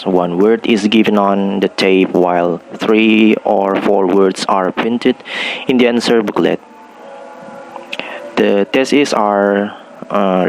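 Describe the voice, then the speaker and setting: A young man giving a student class presentation, reading slowly with some hesitations. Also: lowish voice, creaky, slight background noise, rough recording. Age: young adult.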